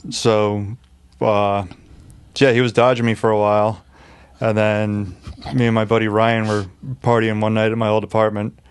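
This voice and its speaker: A man's voice: lowish voice, little pitch movement, moderate pace, clean tone. A man, a podcast guest telling rowdy stories in casual chat, swearing freely and laughing often. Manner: profane, laughing, acts out quotes in raised voices. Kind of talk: casual storytelling.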